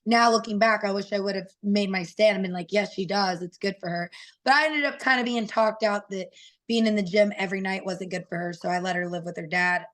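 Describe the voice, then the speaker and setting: A woman in her thirties telling family stories as an interview guest, casual and animated, acting out what her kids said. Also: medium pitch. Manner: animated, acts out quoted voices of her kids. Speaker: guest fighter.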